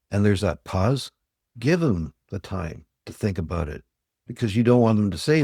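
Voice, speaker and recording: Older man from Ontario, low dry voice. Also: expressive, measured pace, warm tone, breathy edge, no echo. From Ontario, Canada. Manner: plain-spoken, acts out customer anecdotes. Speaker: sales trainer, podcast guest. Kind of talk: storytelling interview talk.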